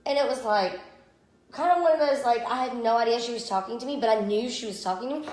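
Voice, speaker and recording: Woman co-host, animated storyteller, echoey room. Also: fairly high pitch, fast. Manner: animated storyteller, acts out quotes. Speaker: podcast co-host. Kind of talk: casual chat.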